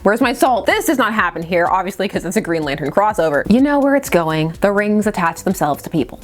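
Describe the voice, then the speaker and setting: A woman hosting a casual comic book review, enthusiastic and nerdy, with sarcastic asides. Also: mid-range voice. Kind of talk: casual commentary.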